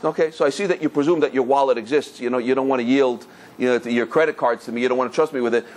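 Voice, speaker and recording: A middle-aged man, a rabbi, giving a Torah lecture in an animated storytelling manner full of repetitions. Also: mid-range voice, rapid-fire.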